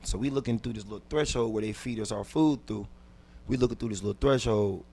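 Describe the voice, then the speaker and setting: A man, a comedian guest on a podcast, telling a personal story intensely and dropping from hushed to loud, with frequent repeats and restarts. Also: on the low side, quick pace, creaky. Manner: repeats words and restarts while recounting.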